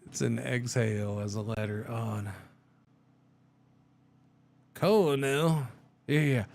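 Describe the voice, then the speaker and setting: A man's voice: medium pitch, slow pace, creaky, darkish tone. A man streaming a truck driving game, chatting casually and thinking aloud with many restarts.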